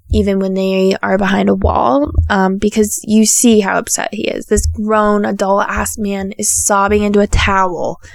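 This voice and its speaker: A woman's voice: mid-range voice, gravelly, no room sound, clean studio sound. A young woman hosting a podcast, recapping a reality show in casual solo chat, blunt and sarcastic and swearing freely. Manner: acts out quotes in raised voices.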